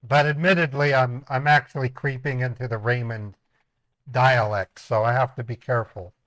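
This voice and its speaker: A man's voice: mid-range voice, steady tone, moderate pace, fairly bright tone, no room sound. A man hosting a casual livestream. He chats, laughs often and slips into voices. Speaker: streamer, scam baiter.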